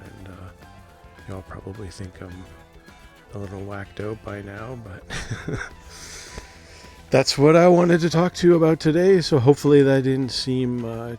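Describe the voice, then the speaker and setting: A man with a drawl talks through his dreams in a loose, hesitant monologue, chuckling softly as he goes. His voice sits a little low. Faint music plays underneath. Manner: rambling, hesitant, with soft laughs. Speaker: dream vlogger. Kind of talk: casual monologue to camera.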